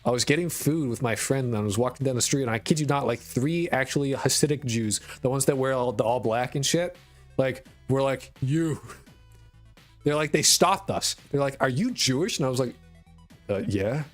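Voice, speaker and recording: On a game dev live stream, a man from rural Connecticut chats casually, fairly quickly, in a medium-pitched voice over faint music. His accent combines New York, Boston and Connecticut, and his talk is rambling, profane and self-deprecating.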